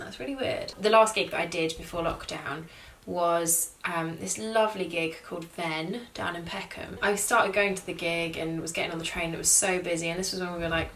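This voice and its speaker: Brief: bright-voiced woman comedian, chatty and self-mocking, vlog intro, mic a little far off with light music. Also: fairly low pitch, steady tone, moderate pace, a little hiss or hum. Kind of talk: casual vlog intro to camera.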